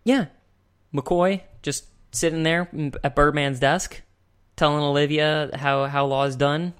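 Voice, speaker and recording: A man's voice: a little high, fairly even intonation, slow pace, fairly bright tone, clear, resonant tone. A young man hosting a podcast, talking casually into a desk microphone, rambling and chuckling often. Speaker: podcast host. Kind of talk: casual chat.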